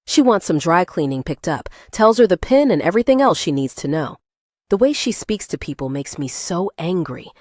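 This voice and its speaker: A woman reading a first-person thriller aloud as an audiobook narrator, with expressive, shifting intonation. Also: on the low side, moderate pace, no echo, studio quality.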